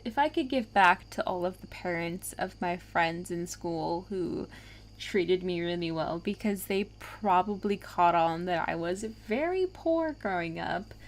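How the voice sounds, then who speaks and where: A woman's voice: on the low side, expressive, measured pace. A woman giving casual commentary over gameplay, rambling, with many fillers. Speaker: let's play gamer.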